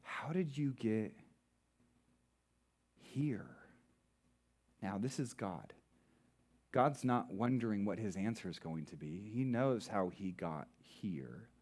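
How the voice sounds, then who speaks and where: Low-voiced male pastor preaching. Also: expressive, darkish tone. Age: adult, married. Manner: rhetorical questions, dramatic slowing on key words. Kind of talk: sermon.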